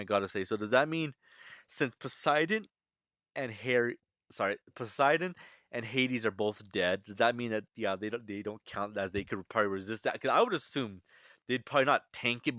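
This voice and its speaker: A man's voice: fairly low pitch, fairly bright tone, no room sound, clean studio sound. Rambling man breaking down a manga. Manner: rambling, many restarts and fillers. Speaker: manga reviewer. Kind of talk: casual chapter breakdown.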